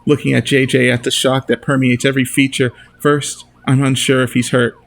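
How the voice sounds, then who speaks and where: A man reading his own novel aloud as a steady first-person narration. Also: medium pitch, a little fast, gravelly.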